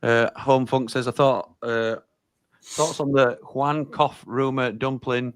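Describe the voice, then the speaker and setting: A man co-hosting a live football stream in a relaxed, chatty way, reading viewer comments aloud and answering them. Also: mid-range voice, slow, clear, resonant tone, no echo, clean studio sound. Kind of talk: casual live-stream chat.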